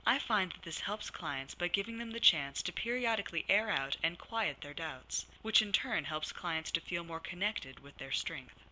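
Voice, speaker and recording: Bright-voiced woman narrating a lesson. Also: on the low side, low-quality recording. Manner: measured, reads scripted case examples. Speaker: counselor teaching a course. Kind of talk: scripted instructional narration.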